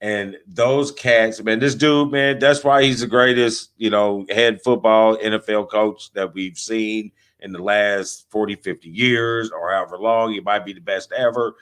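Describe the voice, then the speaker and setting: A man's voice: on the low side, steady tone, a little slow, few pauses, a bit bright, clean tone. A man hosting a sports podcast, reading sponsor plugs and talking football in a loose, joking, trash-talking way. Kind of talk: casual sports talk with sponsor reads.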